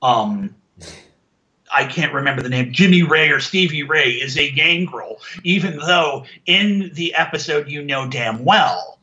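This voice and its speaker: A man casually reviewing an old TV show, rambling with many fillers and restarts, getting animated when he complains. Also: fairly high pitch, unhurried, dull audio. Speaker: podcast reviewer.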